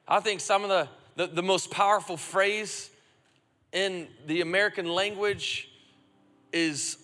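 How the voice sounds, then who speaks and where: A man, a father of a young son, preaching a sermon and calling on the congregation to repeat phrases back, swinging between loud urging and hushed reflection. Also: sits high, fairly even intonation, a little slow. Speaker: pastor. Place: church auditorium. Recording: long hall reverb, music faint behind.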